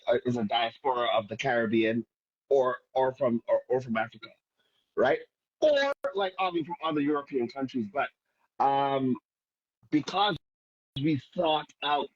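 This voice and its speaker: A man's voice: mid-range voice, breathy edge, dull audio. A man with a Jamaican accent, a poet guest talking casually in an interview, often restarting and asking "right?". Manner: frequent restarts and filler, rhetorical "right?".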